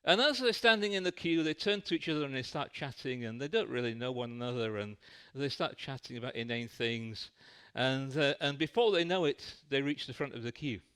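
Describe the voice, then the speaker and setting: A man's voice: medium pitch, animated, brisk, hardly any pauses, a bit bright, clear, resonant tone. A man preaching a sermon in a church, telling a light-hearted story.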